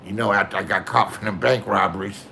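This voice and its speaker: A deep, quiet grumble from a man putting on an aging ex-con, tossing out profanity without care. It is softer and lower than the teller's own bright voice. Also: steady tone, quick pace, creaky, slight background noise. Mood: offhand. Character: older ex-con man, low and offhand.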